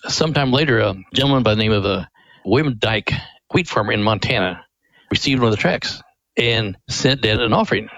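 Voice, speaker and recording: A man's voice: lowish voice, a little fast, fairly bright tone, no echo, highs cut off. Middle-aged male radio guest, folksy and earnest, very dry close sound. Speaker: ministry president, guest. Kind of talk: radio interview storytelling.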